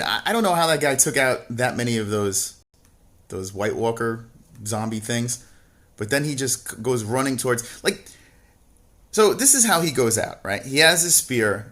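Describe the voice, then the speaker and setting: A man's voice: medium pitch, a bit bright. A man co-hosting a casual livestream, reading chat messages and rambling about a TV show with constant swearing and mocking jokes.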